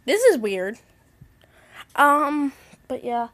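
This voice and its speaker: A woman's voice: sits high, big pitch swings, extremely slow, a bit bright. A young woman chatting casually in her daily vlog from her bedroom, rambling and cooing at her pets. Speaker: vlogger. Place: bedroom at home.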